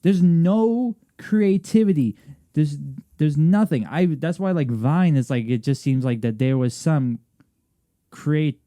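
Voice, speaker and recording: A man's voice: fairly high pitch, expressive, slow, dark tone, no echo. A young man co-hosting a podcast, rambling through casual chat with many restarts. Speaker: podcast co-host.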